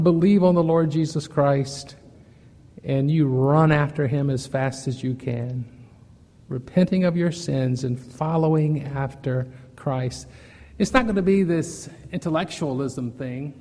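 A man preaching a sermon to his church, earnest, moving from loud emphasis to soft pleading. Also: a little high, unhurried, long reverb tail. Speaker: pastor.

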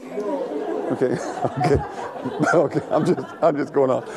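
A man preaching an animated, folksy sermon in church, talking back and forth with the congregation and laughing along. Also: on the high side, gravelly, heavy background noise. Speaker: pastor.

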